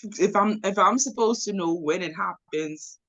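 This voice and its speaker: A woman in a casual interview, sharing her thoughts slowly and reflectively. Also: mid-range voice, fairly bright tone, dull audio. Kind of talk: casual conversation.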